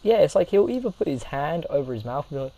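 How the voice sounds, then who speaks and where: Animated young man telling stories. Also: on the high side, fast, crowd noise, poor audio. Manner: animated, swears, laughs while talking. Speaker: channel host. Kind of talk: casual storytime chat.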